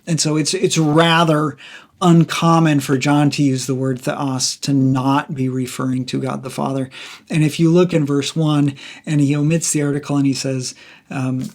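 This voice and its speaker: A man's voice: on the high side, little pitch movement, normal speed. Man casually explaining Bible Greek. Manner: conversational, many fillers and restarts. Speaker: Bible study podcast host. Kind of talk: casual teaching monologue.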